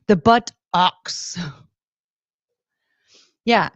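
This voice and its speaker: A woman's voice: fairly low pitch, measured pace, pauses often, no echo, muffled recording. A young woman hosting a livestream, casually chatting and playfully reading out super chats. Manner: playful, reads out super chats with beeping sounds. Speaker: livestream host.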